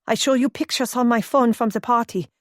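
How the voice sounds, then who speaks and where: A woman's voice: a little high, a little fast, no room sound, studio quality, pitched above the performer's own voice, lightly acted. A woman voicing a frightened housemaid with a German accent and clipped, broken phrasing. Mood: frightened, pleading.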